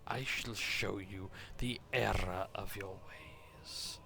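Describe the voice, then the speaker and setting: A man voicing a contemptuous male draconian leader in a tabletop game, speaking slowly and drawn out. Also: fairly low pitch, vocal fry, pushed and bright, exaggerated voice. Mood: menacing. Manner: slow, drawn-out, contemptuous delivery.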